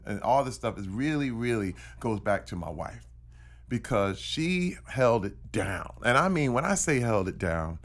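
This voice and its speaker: A middle-aged man from Flint, Michigan, a guest actor in a casual interview, talking emphatically and telling animated stories. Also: mid-range voice.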